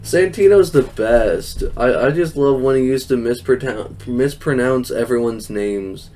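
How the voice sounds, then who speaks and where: Young guy podcast host, rambly and laughy, mid pitch. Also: unhurried, dark tone. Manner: rambling, laughs often, quotes wrestlers in silly voices. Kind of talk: casual recap chat.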